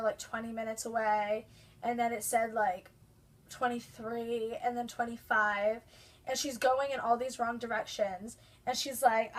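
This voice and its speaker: A young woman vlogger telling an exasperated story, full of "like" fillers. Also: fairly high pitch. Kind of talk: casual rant to camera.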